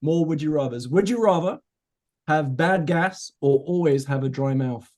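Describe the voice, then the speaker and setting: A man hosts a casual comedy podcast interview. His voice sits slightly high, and he needles his guest with playful, rapid questions. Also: a little mellow. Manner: teasing, joking, quick-fire questions. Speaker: podcast host.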